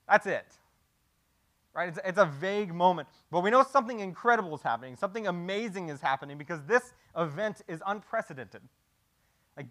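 A man preaches in a loose, conversational way, breaking off to repeat words and to ask rhetorical questions. His voice sits slightly higher than most men's. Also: a bit bright. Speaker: pastor. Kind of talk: sermon.

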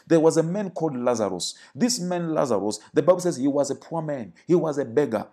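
A male preacher delivers a fervent sermon, repeating his lines and calling out to the congregation. His voice is slightly high for a man, warm and mellow in tone. It carries a husky edge throughout. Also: expressive, brisk, hardly any pauses. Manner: fervent, repetitive calls to the congregation.

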